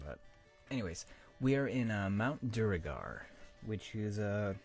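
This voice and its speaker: Rambling young man with a low voice. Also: a little mellow. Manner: rambling, many fillers, self-mocking. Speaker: let's play host. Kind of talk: casual gameplay commentary.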